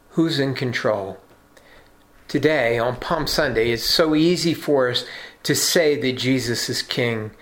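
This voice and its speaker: A man's voice: mid-range voice, fairly bright tone. A man preaching a sermon in an earnest, emphatic way, asking rhetorical questions. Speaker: pastor.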